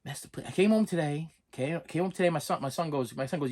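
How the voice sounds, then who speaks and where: A man's voice: fairly high pitch, fast, hardly any pauses, darkish tone. A middle-aged man ranting in a comedic vlog, exasperated and stumbling over restarts. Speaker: vlogger. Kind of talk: comedic rant and unboxing vlog.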